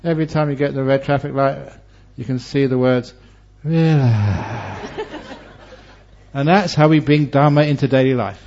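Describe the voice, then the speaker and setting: A man's voice: mid-range voice, brisk, hardly any pauses, a little hiss or hum. Give me a man teaching Buddhism through funny stories, in a dull, lo-fi recording. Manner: animated storyteller with humor and varied delivery. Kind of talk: Dharma talk with storytelling.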